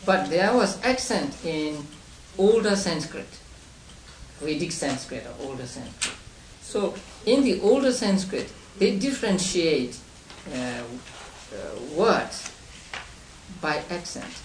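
Guy teaching a dharma class, slow careful explaining with lots of restarts, mic far away, roomy hall with hiss. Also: on the high side, big pitch swings. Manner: unhurried, explains step by step with many restarts; chuckles between points. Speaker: Buddhist meditation teacher. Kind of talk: study class lecture. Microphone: distant room mic. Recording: roomy distant amateur recording with hiss.

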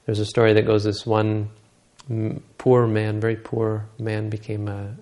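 A man's dark, flat, low and gravelly voice carries a Buddhist story in a dharma talk. He halts often, restarting and correcting himself again and again.

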